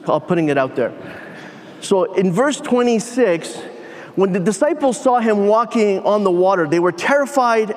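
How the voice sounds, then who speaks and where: A man's voice: high-pitched, darkish tone, long reverb tail. A man preaching a sermon as pastor, earnest and building in intensity as he speaks.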